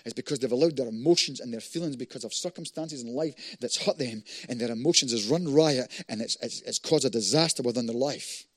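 A man preaching a fervent sermon, swinging between loud declarations and hushed prayer. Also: mid-range voice, fairly quick, few pauses, no room sound, studio quality.

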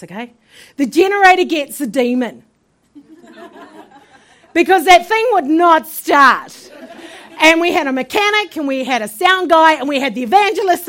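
Woman, preacher, pulpit testimony, animated storytelling, high voice, very expressive pitch. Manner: animated storytelling, laughing often, acting out voices.

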